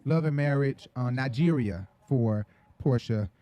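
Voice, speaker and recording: A man from Atlanta hosting a gossip show, telling stories in a sassy, profane, animated way. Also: mid-range voice, a little slow. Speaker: show host. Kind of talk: casual gossip commentary.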